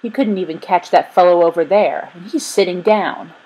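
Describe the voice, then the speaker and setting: Woman doing a cheeky boy, playful, teasing, husky, storybook. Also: lowish voice, moderate pace, warm tone, low-quality recording. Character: quick, cheeky London boy.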